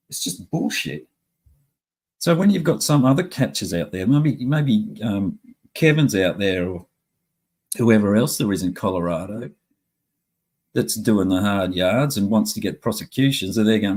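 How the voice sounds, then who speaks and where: A man's voice: lowish voice, animated, a little slow, darkish tone, husky. A middle-aged man, ranting angrily in a profane, rambling monologue.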